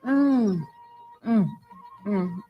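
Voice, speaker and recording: A woman's voice: medium pitch, extremely slow, dull audio, soft background music. A woman hosting a late-night show in playful casual chat, flirty and teasing, giggling and talking while she chews. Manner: talks while chewing.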